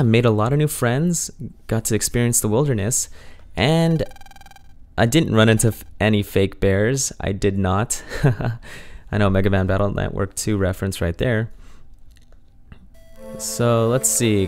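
A man's voice: lowish voice, a little slow, pauses often, darkish tone, faint music behind. Jokey upbeat gaming commentator man. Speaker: let's play host. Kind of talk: game commentary.

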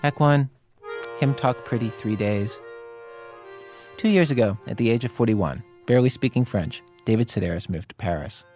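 A man with an American accent hosting a radio program in a measured, wry, conversational way. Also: mid-range voice, animated, over music. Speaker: radio host. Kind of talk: scripted radio narration.

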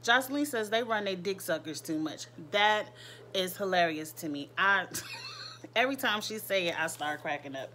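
A woman's voice: medium pitch, animated, normal speed, pushed and bright, slight background noise. Gossipy woman recapping reality TV. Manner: candid, gossipy, laughing asides, crude slang. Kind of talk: casual recap commentary.

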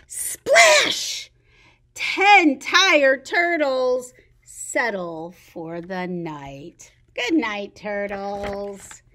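A woman working as a children's librarian, reading picture books and turtle rhymes to babies in an animated, sing-song way. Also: on the high side.

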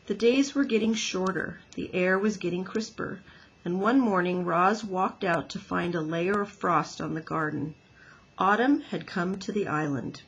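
A woman teacher reading a children's book aloud with gentle, expressive storytelling. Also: on the low side, unhurried, breathy edge, muffled recording.

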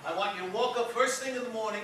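Male comic as a grandiose mock-mystical psychic, high-pitched, echoey, from afar. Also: rapid-fire, a bit bright, faint music behind. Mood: pompous. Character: pompous self-assured male psychic doctor. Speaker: comedian playing a fake psychic. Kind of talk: live stage comedy bit with volunteer. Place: stage before a live audience. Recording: echoey noisy room, mic far off.

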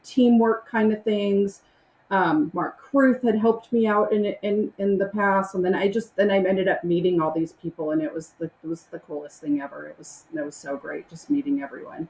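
Chatty woman guest, roomy sound. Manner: animated, acts out excited greetings in a high voice. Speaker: interview guest. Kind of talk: casual interview chat.

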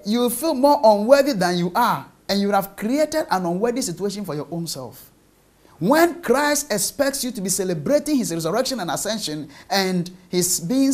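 A man preaching a sermon in an emphatic way, checking in with his listeners through rhetorical questions. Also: sits high.

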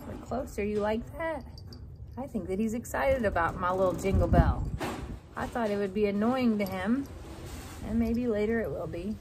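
Woman, soft cooing baby talk, casual vlog, outdoors, faint background noise. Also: mid-range voice, normal speed. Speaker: vlogger, pet owner. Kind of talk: casual vlog, talking to her pet. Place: outdoors on a farm. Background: faint farm ambience, geese and rain.

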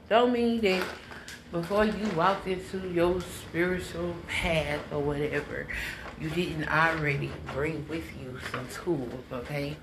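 A woman's voice: lowish voice, roomy sound, noisy background. A woman giving a casual vlog rant as a spiritual advisor, blunt and heavily profane, drawing out words for emphasis. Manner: unhurried with drawn-out emphasis.

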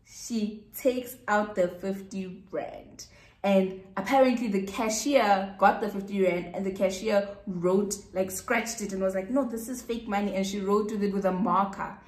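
A woman's voice: mid-range voice, steady tone, a little slow, a little mellow. Chatty South African woman, echoey room. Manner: chatty, repeats words for emphasis. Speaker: YouTuber. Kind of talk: casual storytime.

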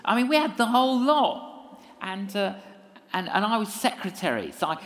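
A man's voice: high-pitched, normal speed. A man telling a story in a lecture, acting out dialogue with humour. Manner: animated, acts out dialogue with humour. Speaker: evangelist speaker. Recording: long hall reverb.

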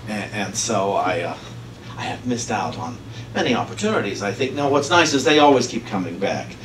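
Minister preaching in an echoey hall. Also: male voice, lowish voice, normal speed. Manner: conversational, laughing often, animated storytelling. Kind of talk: casual sermon. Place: church sanctuary. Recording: echoey hall, far from mic, noisy.

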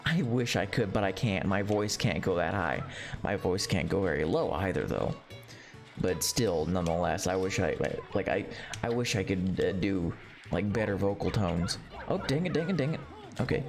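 Excitable man streaming a game. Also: sits low, normal speed. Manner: excitable, chatty, easily delighted. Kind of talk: casual gameplay commentary. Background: faint game music.

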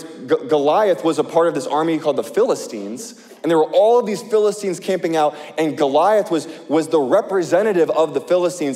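High-voiced pastor preaching in a hall. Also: male voice. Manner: animated, conversational preaching with asides to the congregation. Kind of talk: sermon. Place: large church hall. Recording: live sermon in a reverberant hall.

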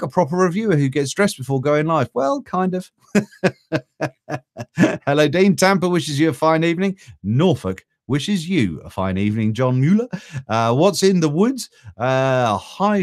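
A man's voice: a little high, no room sound, studio quality. Chatty British man reading out live chat. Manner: chatty, jokey, reads out greetings. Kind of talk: casual live-stream chat.

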